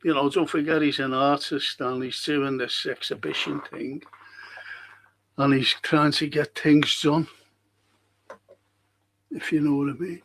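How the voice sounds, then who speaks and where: A man's voice: on the high side, fairly even intonation, a little slow, pauses often, a bit bright, poor audio. A man hosting a casual live stream, chatty and rambling as he reads out viewer comments.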